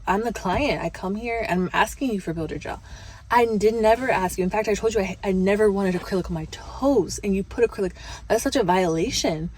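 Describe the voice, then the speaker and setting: A woman's voice: mid-range voice, quick pace, a little mellow, rough recording. A young woman vlogger telling a casual, chatty story full of fillers and quoted back-and-forth.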